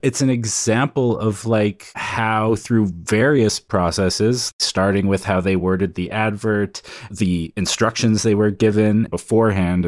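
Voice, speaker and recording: A man co-hosting a podcast, explaining in a measured, casual way. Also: low voice, darkish tone, no room sound, clean studio sound. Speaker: podcast co-host.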